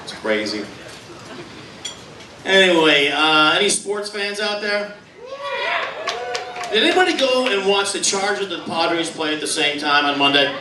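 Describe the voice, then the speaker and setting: A man's voice: on the high side, sing-song, measured pace, pauses often, distant mic, noisy background. Brash stand-up man in a roomy club. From Michigan. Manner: brash, crude, crowd work. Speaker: stand-up comedian. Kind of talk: stand-up comedy. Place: comedy club stage. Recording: roomy club recording, crowd laughter. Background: audience laughing.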